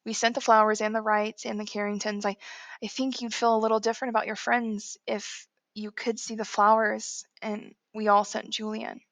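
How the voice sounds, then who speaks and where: Woman doing a gruff impatient village guy, loud and blunt, bit gravelly. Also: mid-range voice, level tone, normal speed, no echo, natural voice. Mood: coaxing.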